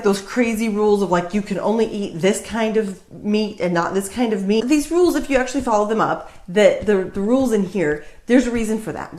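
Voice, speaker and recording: Woman just chatting to her camera, jokey, lots of ums, kinda echoey room. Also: mid-range voice. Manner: chatty and jokey, many fillers. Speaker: vlogger sharing Bible reflections. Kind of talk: casual chat to camera. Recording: roomy echo.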